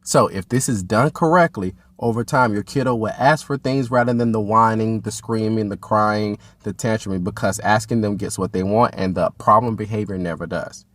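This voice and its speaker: Calm low-voiced man coaching parents. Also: normal speed, hardly any pauses, no room sound. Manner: calm, instructive, addresses parents directly. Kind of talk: direct-to-camera parenting advice.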